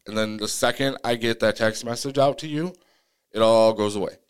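Man, low smooth voice, earnest casual storytelling, podcast co-host. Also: moderate pace. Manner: animated retelling, acting out his own pleas in a higher voice; earnest, many restarts and fillers.

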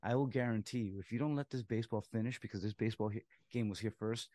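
A man, a softball umpire and co-host, telling a story in casual chat, laughing as he acts out what people said. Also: fairly low pitch, fast, dry recording, studio quality. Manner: animated storyteller, laughs while acting out quotes.

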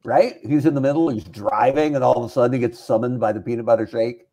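A man's voice: mid-range voice, fast. A man co-hosting a casual chat show, bantering in a jokey way. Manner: jokey, animated. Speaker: podcast co-host.

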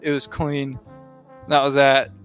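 A man's voice: medium pitch, monotone, takes it slowly, fairly bright tone, soft background music. A young man on a podcast, telling rambling stories with lots of swearing and laughing. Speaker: podcast co-host. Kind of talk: casual storytelling chat.

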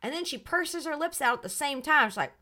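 A woman's voice: high voice, lively intonation, brisk, bright, forceful tone. A woman hosting a solo podcast, outspoken and sassy. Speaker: podcast host.

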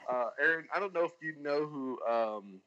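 A man's voice: fairly high pitch, lively intonation, normal speed, pushed and bright, muffled recording. A man chatting casually as a filmmaker guest on a podcast, rambling with lots of fillers and restarts.

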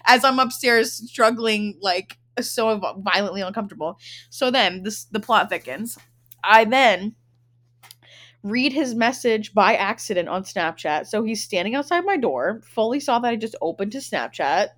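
A young woman co-hosting a podcast, telling a story in a loud, profane, animated way and acting out what people said. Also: medium pitch, moderate pace. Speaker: podcast co-host. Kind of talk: casual storytelling chat.

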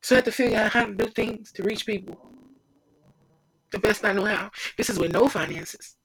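Casual devotional preacher, rough husky voice, fervent and repetitive, addresses the listener directly. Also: medium pitch, fairly quick, a bit bright, low-quality recording. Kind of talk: informal devotional sermon.

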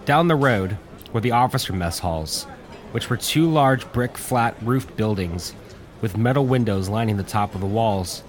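A man reading a war story aloud in steady audiobook narration. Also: lowish voice, moderate pace.

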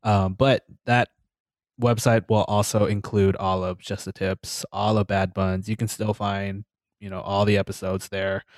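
A man with a fairly low voice co-hosts a podcast in relaxed, easygoing chat. He fills his sentences with "um" and "you know" and swears casually. The sound is dry and close. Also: unhurried, dry recording. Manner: relaxed, filler-heavy, leans on "you know" and "um"; laughs easily, swears casually. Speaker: podcast co-host.

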